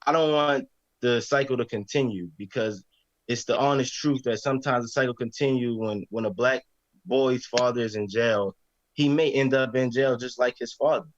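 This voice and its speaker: A man's voice: mid-range voice, normal speed, dry recording, lo-fi sound. A young man in casual chat, hesitant and searching for words.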